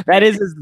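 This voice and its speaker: Brief: male podcast co-host, high and bouncy delivery, animated chat, dry close sound. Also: no room sound. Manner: animated, laughs often. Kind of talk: casual live podcast chat.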